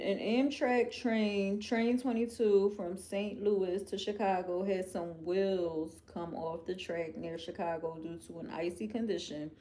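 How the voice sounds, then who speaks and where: A woman with a Philadelphia accent on a livestream, chatting casually and expressively while reading viewer comments aloud. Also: medium pitch. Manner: chatty, expressive, addresses viewers as "y'all" and "girl". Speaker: livestream host.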